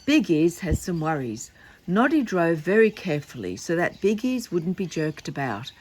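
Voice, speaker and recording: A woman's voice: lowish voice, big pitch swings, normal speed, a little mellow, husky. An older woman reading a children's book aloud, chatty and playful with asides to the listener. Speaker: storyteller.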